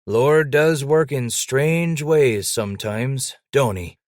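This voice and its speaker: A man voicing an old white-bearded mountain man who speaks in a loud, cheerful, folksy frontier drawl and quotes scripture. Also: slow, dry recording, studio quality, lightly acted. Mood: jovial. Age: older. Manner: booming folksy frontier drawl, Bible-quoting.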